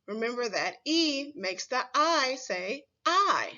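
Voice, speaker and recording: Teacher lady doing a phonics lesson for first graders, super slow and clear, kinda muffled recording. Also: sits high, very animated, pushed and bright. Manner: slow, clearly sounded-out words with questions to the class. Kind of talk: phonics lesson for young children.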